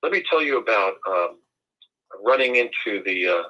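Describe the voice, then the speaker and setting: A man's voice: on the low side, animated, normal speed, sharp tone, highs cut off. A man voicing a boastful young German man bragging to friends in a pub, in his own plain voice with no accent.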